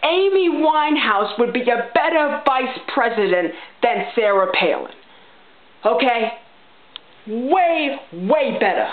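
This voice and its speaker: A woman playing a brash, chain-smoking loudmouth mom. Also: a little high, expressive, slow. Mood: indignant rant. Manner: blunt, ranting, profane, keeps saying okay. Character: brash foul-mouthed chain-smoking middle-aged mother. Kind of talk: character vlog monologue. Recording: tinny phone-like sound in an echoey room.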